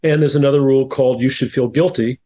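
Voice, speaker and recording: A man's voice: medium pitch, fairly even intonation, fast talker, dark tone. A middle-aged man from New Jersey, a guest telling stories in a casual interview, thoughtful, with frequent restarts and repeated words. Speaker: podcast guest, author and coach.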